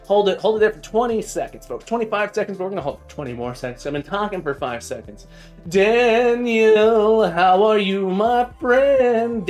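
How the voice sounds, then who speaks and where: A man hosting a live coding stream, cheerfully coaching his viewers through stretches. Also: sits high. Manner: upbeat, playful coach leading stretches. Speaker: livestream host. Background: faint music.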